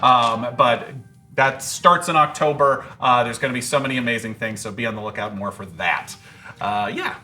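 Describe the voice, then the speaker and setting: A regular cast member and upcoming game master, eager and excited, laughing often while announcing a new game. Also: medium pitch, moderate pace, soft background music. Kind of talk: casual show announcements.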